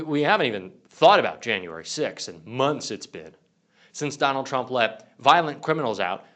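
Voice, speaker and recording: A man's voice: on the high side, fairly bright tone. A young man delivering an angry, profane political commentary rant. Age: young adult.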